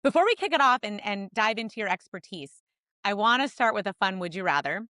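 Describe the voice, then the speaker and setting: A woman's voice: medium pitch, lively intonation, a little fast, pushed and bright, no echo, clean studio sound. A woman from the United States hosting a podcast, upbeat and enthusiastic as she introduces and chats with a guest. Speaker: podcast host. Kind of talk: scripted podcast intro then casual interview.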